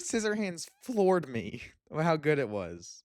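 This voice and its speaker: A young man reviewing movies in a casual vlog, excitable and gushing, with lots of fillers. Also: a little high, a little slow, hardly any pauses. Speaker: movie vlogger.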